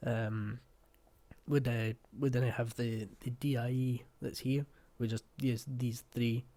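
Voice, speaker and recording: A man's voice: medium pitch, little pitch movement, slow pace, warm tone. A young man with an east Scottish accent giving blunt, chatty reaction commentary and swearing casually. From Scotland. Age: young adult. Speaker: reaction video host.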